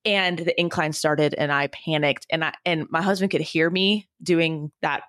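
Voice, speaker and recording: Young woman podcast co-host, lower voice, animated candid storyteller, dry recording. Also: normal speed, no room sound. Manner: candid, animated storyteller who laughs often. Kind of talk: casual chat.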